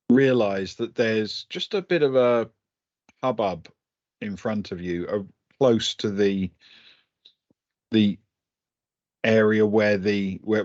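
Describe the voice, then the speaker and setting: A man narrating a tabletop game as game master, hesitant and full of ums and restarts. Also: on the low side. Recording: dull lo-fi audio.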